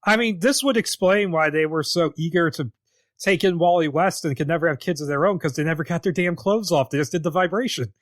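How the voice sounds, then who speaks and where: A man's voice: on the high side, a little fast, dry recording, studio quality. A man co-hosting a podcast in casual chat, wry and laughing easily as he retells scenes, with some swearing. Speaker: podcast co-host.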